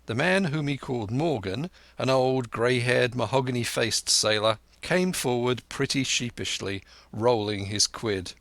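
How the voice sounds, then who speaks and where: A man's voice: medium pitch, unhurried, hardly any pauses, fairly bright tone, dry recording. A man narrating an audiobook in a first-person storytelling voice.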